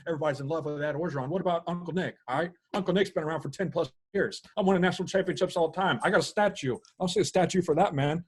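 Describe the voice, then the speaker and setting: A man's voice: fairly high pitch, lightly acted. A man impersonating a grumpy old football coach. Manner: complaining, boastful, clipped. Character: grumbling veteran college football coach, older man, proud and irritable. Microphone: video call.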